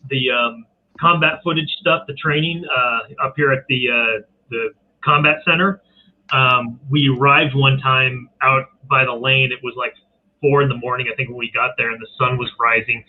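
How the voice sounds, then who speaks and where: Husky guy on a tinny line. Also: mid-range voice, fairly even intonation, moderate pace. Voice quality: husky, hesitant with many fillers. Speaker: podcast guest. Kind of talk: casual storytelling chat.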